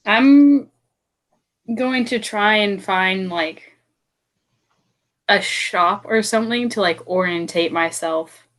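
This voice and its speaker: A woman's voice: mid-range voice, slow pace, long pauses, a bit bright. Giggly woman playing a tabletop game. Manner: giggly, chatty, plays a mimicking bird character. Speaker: player. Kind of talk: casual tabletop role-play.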